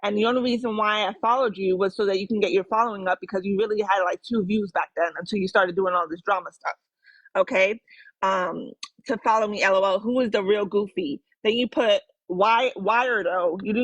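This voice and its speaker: A woman's voice: medium pitch, a little fast, no echo, dull audio. Confrontational young woman calling someone out. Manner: confrontational, sarcastic. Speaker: former moderator. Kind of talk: heated live-stream callout.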